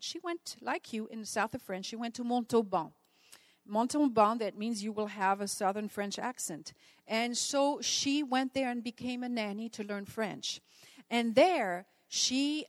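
A woman from the Netherlands preaches with earnest conviction, her voice a touch higher than most. She tells stories and turns to her listeners with questions. The sound is dry, with no room echo. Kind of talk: sermon.

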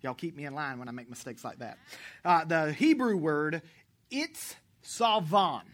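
Delivering his sermon at an unhurried pace, a pastor from the U.S. speaks in a voice on the high side. He's lively, trading jokes with the congregation and fixing his own words as he goes.

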